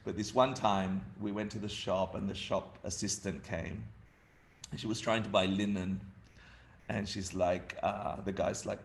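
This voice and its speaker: A dharma teacher in his fifties from Argentina gives a humorous talk, chatting and laughing as he tells family stories. His voice is fairly low, steady and creaky, moving at a moderate pace.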